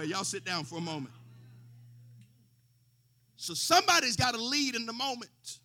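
A man preaching a sermon, impassioned, building to shouts and calling out to the congregation. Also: extremely high pitch, big pitch swings, normal speed, pauses often, soft background music. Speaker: pastor.

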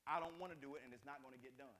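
A man preaching a sermon as pastor, telling a lively personal story in a casual, conversational way with big swings in intensity. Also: medium pitch, rapid-fire, low-quality recording. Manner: animated storytelling with rising and falling intensity; conversational, uses "y'all" and casual grammar.

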